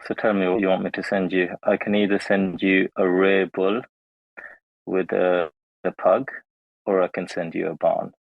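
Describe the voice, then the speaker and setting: Very deep-voiced calm man. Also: normal speed, vocal fry, no room sound, muffled recording. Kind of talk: casual chat.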